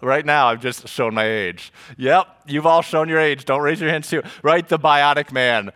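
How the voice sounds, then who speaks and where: A middle-aged male pastor delivering a lively, joking sermon to a congregation, talking to them like friends. His voice sits a touch higher than most men's. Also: moderate pace. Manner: animated, joking, conversational preaching. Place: church service before a congregation.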